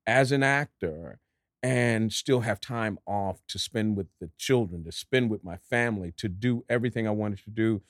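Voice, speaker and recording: Animated man from Dallas telling stories. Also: lowish voice, normal speed, no room sound, clean studio sound. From Dallas, Texas. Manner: animated, acts out other voices in his stories. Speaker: actor, guest. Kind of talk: storytelling interview.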